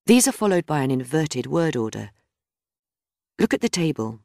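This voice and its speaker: A woman reading a scripted grammar lesson in a measured, explanatory way. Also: deep voice, big pitch swings, creaky, a little mellow, no echo, clean studio sound. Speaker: grammar teacher. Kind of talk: scripted instructional narration.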